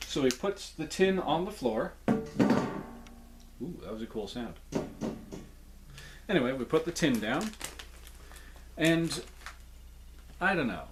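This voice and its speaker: A man's voice: fairly high pitch, animated, slow, pauses often, background noise. A man reviewing snacks in a casual, chatty way, with playful jokes and asides.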